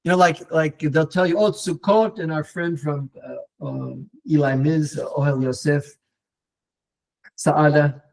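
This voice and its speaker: A man teaching an online Torah class, talking in a lively, digressive way with many restarts and fillers and mixing in Hebrew terms. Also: on the high side, measured pace, gravelly. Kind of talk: animated live online lecture answering viewer comments.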